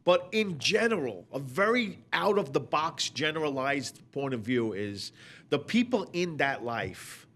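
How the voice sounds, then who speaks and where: A man interviewing his co-host, asking questions haltingly, with many restarts and fillers. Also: a little high, sing-song, fairly bright tone. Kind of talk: casual interview chat.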